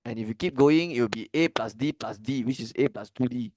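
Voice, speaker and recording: There's a little hiss or hum behind this man's brisk, mid-range, darkish voice. He's a Malaysian-English-accented maths tutor working casually through an exam paper, frequently asking "okay?" and dropping in Malay phrases.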